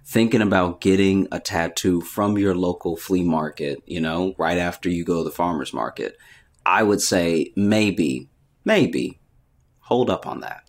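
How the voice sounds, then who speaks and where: A man co-hosting a casual comedic podcast, telling stories at an easygoing pace and often answering with "mm-hmm". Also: sits low. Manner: easygoing, drawn-out storytelling with frequent affirmations. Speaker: podcast co-host.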